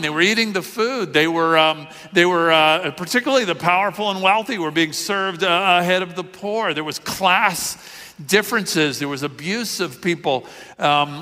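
Bright-voiced male pastor in echoing hall. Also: high voice. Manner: conversational with many fillers, asks the congregation questions. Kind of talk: sermon.

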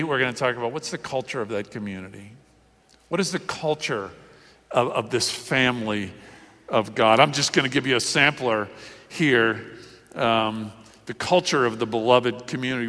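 Bright-voiced male pastor in echoing hall. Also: mid-range voice, moderate pace. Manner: conversational with many fillers, asks the congregation questions. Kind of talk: sermon.

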